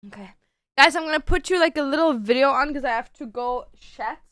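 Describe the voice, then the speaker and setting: A woman's voice: high voice, fairly quick, a bit bright, dry recording, studio quality. A woman streamer chatting casually at home with a cat on her lap, swearing now and then and reading viewer questions aloud. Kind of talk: casual live-stream chat.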